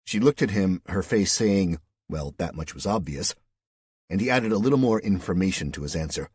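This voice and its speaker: A man narrating an audiobook in a steady, measured storytelling voice. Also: low voice, slightly rough, no room sound. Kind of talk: scripted narration.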